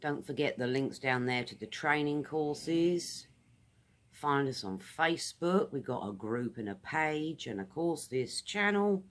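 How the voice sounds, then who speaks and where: With a low, expressive voice, a British woman who teaches English leads a relaxed outdoor vocabulary lesson. In a friendly way, she says every word slowly and carefully more than once so the pronunciation comes through.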